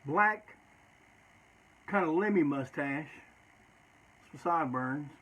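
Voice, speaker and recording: A man's voice: a little high, animated, takes it slowly, fairly bright tone, rough recording. Man rambling through a story. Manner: rambling, profane, ends phrases with "man". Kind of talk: casual storytelling.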